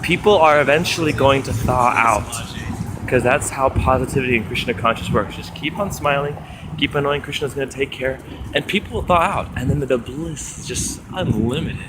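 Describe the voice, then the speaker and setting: An upbeat young man vlogs on a foggy city street, chatty and animated as he retells his day. His voice sits in an ordinary middle range. City traffic and street noise clearly fill the background. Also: medium pitch, brisk. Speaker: street book distributor. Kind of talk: casual vlog monologue. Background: city traffic and street ambience.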